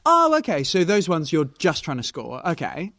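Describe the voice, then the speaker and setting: A man's voice: on the high side, wildly swooping pitch, normal speed, sharp tone, no echo, clean studio sound. A man co-hosting a comedy podcast, chatting in a jokey, casual way. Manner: jokey, slips into silly put-on voices. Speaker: podcast co-host.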